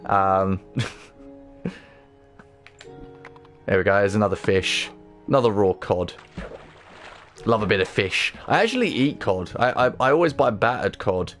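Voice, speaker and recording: A British man chatting casually on a gaming livestream, excitable, swearing a lot and often stammering or restarting his sentences. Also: lowish voice. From Britain.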